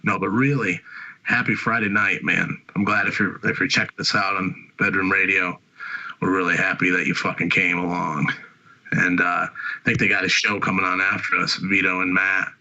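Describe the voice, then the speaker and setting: Podcast host, a profane, rambling man with a low voice and a sharp, cutting tone on a muffled recording. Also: flat delivery, moderate pace. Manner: swears constantly, rambling storyteller. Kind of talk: casual profane chat.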